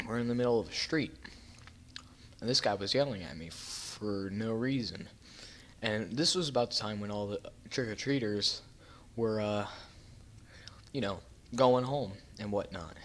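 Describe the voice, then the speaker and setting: A man's voice: on the low side, measured pace, pauses often, a bit bright. Rambling young man telling a story. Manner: rambling, self-correcting, lots of fillers. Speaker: YouTuber. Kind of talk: casual storytime narration.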